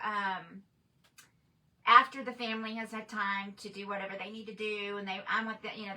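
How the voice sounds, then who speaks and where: Chatty woman with a bright voice. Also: fairly high pitch, far from the mic, poor audio. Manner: chatty, rambling, with frequent restarts and fillers. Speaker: host of a crafting livestream. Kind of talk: casual livestream chat, reading viewer comments aloud.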